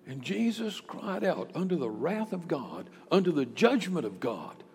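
High, animated male preacher in a hall. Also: unhurried, slight background noise. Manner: impassioned, swings between hushed and loud. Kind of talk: sermon. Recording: echoey hall with long reverb.

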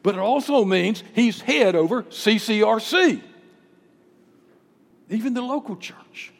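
A man preaching a sermon as pastor, emphatic, climbing to loud peaks on key phrases. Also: high voice, lively intonation, measured pace, creaky. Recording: long hall reverb.

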